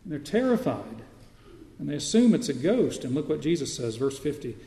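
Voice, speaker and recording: A man preaching in a large, echoey hall, his voice a little high and mellow. He teaches as he goes and turns to the congregation with questions. The sound rings off the walls with a long reverb. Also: very animated, moderate pace. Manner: teaching, asks the listeners questions. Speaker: pastor. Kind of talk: sermon.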